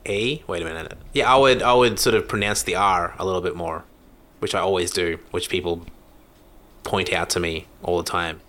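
Aussie guy, lowish voice but bright and punchy, rambly casual chat, keeps restarting. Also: steady tone, moderate pace. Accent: Australian. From Australia. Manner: rambling, self-deprecating, many restarts.

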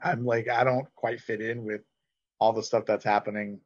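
A man's voice: normal speed, no room sound, dull audio. A man, telling stories in a casual conversation with many restarts. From South Texas. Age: 40s. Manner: animated, frequent restarts, jumps high when imitating relatives. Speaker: poet guest.

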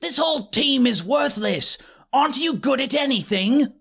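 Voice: high-pitched, animated, moderate pace, vocal fry, fairly bright tone, slightly rough, pitched above the performer's own voice, exaggerated voice. A narrator voicing a small, cocky, salty boy hero in an audiobook, sulky and impatient. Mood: determined.

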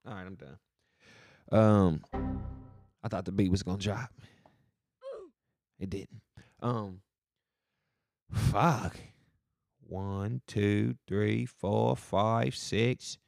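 A man hosting a casual podcast. He rants about his city and pitches himself as a real estate agent, in a profane, slangy and emphatic way. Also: steady tone, very slow, vocal fry, long pauses, darkish tone, no room sound, clean studio sound.

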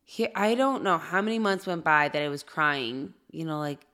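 A woman in her thirties tells a personal story in a relaxed, chatty way. Her voice sits a little low for a woman. She slips into the voices of the people in her story as she goes. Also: normal speed. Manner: animated, acts out quoted reactions. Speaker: podcast co-host. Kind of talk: casual storytelling.

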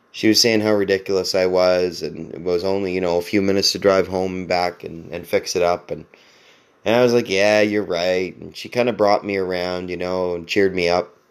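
A man hosting a podcast, telling a long story casually, with lots of swearing, restarts and laughter. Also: low voice. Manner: rambling, profane, self-mocking, laughs often. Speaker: podcast host.

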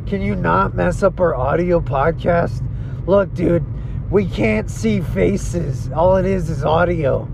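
A man's voice: sits high, slow pace, vocal fry, noisy background. A young man co-hosting a podcast, improvising a comedy sketch in a laid-back way, calling people dude and bro. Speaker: podcast co-host.

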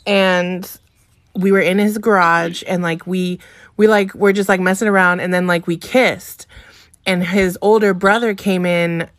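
A woman's voice: fairly low pitch, steady tone, no echo. Chatty woman caller, dry sound. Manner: brisk, chatty, with many fillers. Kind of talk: casual storytelling.

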